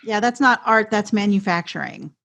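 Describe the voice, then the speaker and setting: A woman's voice: mid-range voice, expressive, moderate pace, vocal fry, fairly bright tone. Woman podcast host, chatty, lots of ums and you-knows, normal mid voice. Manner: chatty and responsive, with frequent filler words. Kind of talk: podcast interview conversation.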